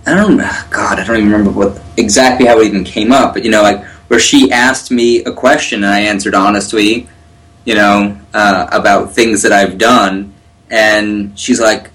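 A middle-aged man co-hosting a casual talk, telling stories quickly with repeated words. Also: on the low side, fairly even intonation, fairly bright tone, poor audio. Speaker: podcast co-host. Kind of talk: casual conversation.

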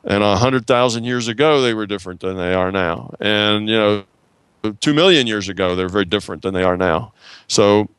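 A man's voice: fairly low pitch, a bit bright, smooth, no room sound. A man explaining ideas in an unscripted talk, thinking aloud, restarting phrases and asking the listener rhetorical questions.

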